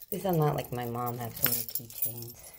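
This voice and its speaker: A woman's voice: a bass voice, a little fast, background noise. A woman chatting casually in a rambling, repetitive way while walking her dog and cooking, now and then baby-talking to the dog. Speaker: vlogger.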